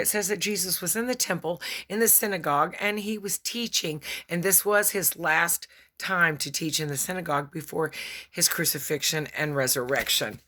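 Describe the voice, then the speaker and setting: A woman delivers a short devotional sermon in an earnest storytelling manner. Her voice is bright and forceful, and she dramatizes the scenes as she tells them. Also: lowish voice. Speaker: preacher.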